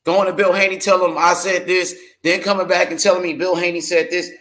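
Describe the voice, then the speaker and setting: A blunt, profane man co-hosting a boxing talk show in casual chat. His voice sits high for a man, and he sounds dismissive. He talks in short, punchy jabs. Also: level tone, quick pace, sharp tone. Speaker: boxing podcast co-host.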